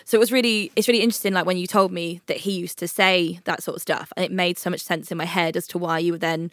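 A young woman co-hosting a podcast in casual chat, supportive and lively, often dropping in short affirmations. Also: lowish voice, fast talker, no room sound, clean studio sound. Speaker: podcast co-host.

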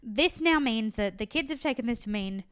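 A woman's voice: a little high, animated, moderate pace, a bit bright, clear, resonant tone. A woman co-hosting a casual chat, recapping a TV show and acting out quotes in funny voices. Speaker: podcast co-host.

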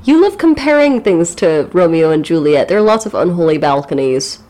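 A woman co-hosting a casual book podcast, with sarcastic jokes and animated asides. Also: fairly low pitch, a little fast. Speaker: podcast co-host.

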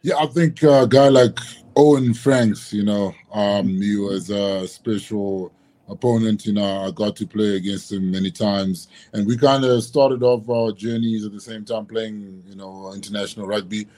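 A man with a fairly low voice chats as a podcast guest. He is relaxed and easygoing, laughs easily and pads his sentences with fillers. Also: normal speed. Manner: relaxed, laughs often, many "you know" fillers. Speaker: guest, former rugby prop. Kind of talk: casual podcast chat.

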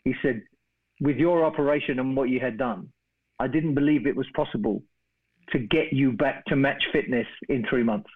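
A middle-aged man from England telling a long casual story, chatty and animated, acting out the voices of the people in it. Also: medium pitch, normal speed, breathy edge. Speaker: guest storyteller. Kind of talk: casual anecdote on a phone call. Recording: tinny phone-line sound.

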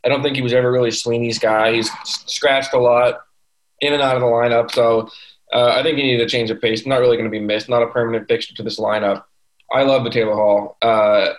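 A man's voice: medium pitch, steady tone, quick pace, poor audio. A man co-hosting a casual sports podcast, talking eagerly through the details with fillers. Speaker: podcast co-host.

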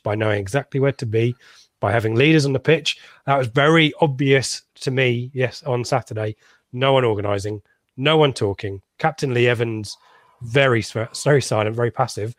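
A man's voice: mid-range voice, no echo. Dry, sarcastic male football pundit. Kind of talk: casual radio chat.

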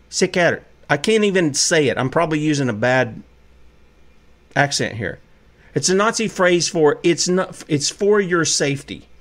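A man hosting a call-in talk radio show, speaking in an impassioned, preachy way and firing off rhetorical questions. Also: fairly high pitch.

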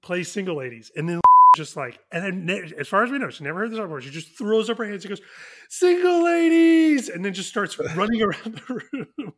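A man in his thirties co-hosting a casual podcast, telling an anecdote in an animated way with quick asides. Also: sits high, husky. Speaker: podcast co-host. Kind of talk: casual chat, storytelling.

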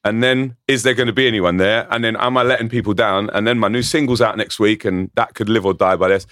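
A man in his thirties, a musician telling a story in casual chat, excitable and swearing often. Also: on the low side, fast, clear, resonant tone, no echo, studio quality. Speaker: guest musician.

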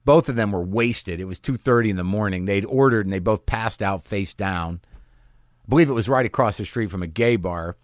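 A man's voice: fairly low pitch, fairly quick, no room sound, clean studio sound. A man hosting a podcast from his garage, telling a wry, self-deprecating story in a casual, rambling way with many restarts. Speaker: podcast host. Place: home garage studio.

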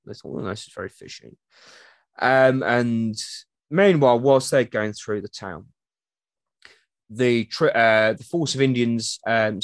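A man's voice: mid-range voice, dry recording, clean studio sound. A man, a guest historian, telling history in a casual, chatty way. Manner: chatty, animated, acts out quotes in the stories. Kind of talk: casual storytelling interview.

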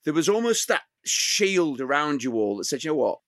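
A middle-aged man interviews a guest, stumbling and repeating words as he works out his questions. His voice sits a little high and swings up and down freely. The sound is dry and close. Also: very animated, a bit bright, no room sound. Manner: halting, repeats words while forming questions. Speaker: host chef interviewer. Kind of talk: casual interview chat.

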